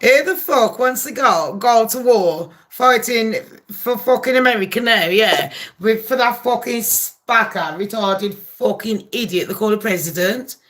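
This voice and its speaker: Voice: medium pitch, measured pace, a bit bright. A host from England, ranting angrily about politics to camera, swearing constantly and firing off rhetorical questions. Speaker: channel host. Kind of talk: profane political rant to camera.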